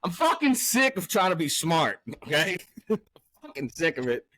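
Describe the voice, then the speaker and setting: A man's voice: a little high, huge pitch swings, moderate pace, fairly bright tone. A man hosting a casual podcast, swearing constantly and swinging from angry rants to hyped cheer. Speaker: podcast host.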